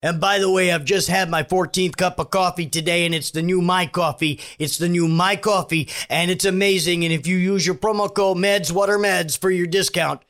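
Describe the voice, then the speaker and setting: A man's voice: fairly even intonation, normal speed, hardly any pauses, fairly bright tone. A man doing an impression of a rambling, conspiratorial middle-aged male pillow salesman with a Minnesota accent. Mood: manic. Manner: rambling, manic, conspiratorial pitchman. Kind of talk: comedic impression.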